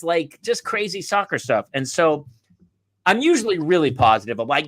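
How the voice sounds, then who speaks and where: A man, a comedian and podcast host, telling a sarcastic story and acting out the shouted quotes. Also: sits high, expressive, moderate pace, no echo. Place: live podcast set.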